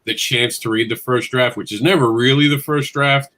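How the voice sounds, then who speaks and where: A man's voice: medium pitch, moderate pace. A man who writes comics, talking bluntly and jokingly in a casual panel chat. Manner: blunt, animated, jokey storytelling.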